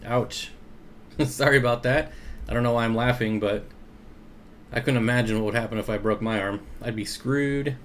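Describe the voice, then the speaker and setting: A man's voice: fairly low pitch, fairly even intonation, normal speed, pauses often, a little hiss or hum. A man hosting an aquarium livestream in easygoing, casual chat. He reads viewer comments aloud, greets people by name and chuckles often.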